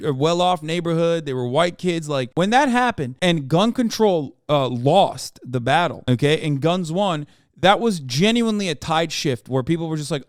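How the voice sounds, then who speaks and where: A young man chats over a video he is watching with his viewers, swearing freely and turning sarcastic. His voice sits high and sounds smooth and clear, recorded dry and close to the mic. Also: normal speed, dry recording. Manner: excitable, profane, sarcastic. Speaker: streamer reacting to video. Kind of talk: casual reaction commentary.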